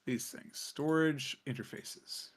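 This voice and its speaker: A man's voice: a little high, takes it slowly. A man streaming a game, chatting casually and muttering to himself as he crafts items. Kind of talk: casual gameplay chat.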